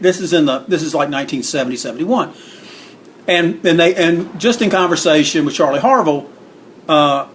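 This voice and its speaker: A man tells old stories in a loose, rambling way. His voice sits a little high, and he jumps higher still to act out what others said. A faint hiss of noise runs behind him. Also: a bit bright. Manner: rambling, acts out quotes with raised pitch. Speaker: interview guest, wrestling book author. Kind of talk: casual storytelling.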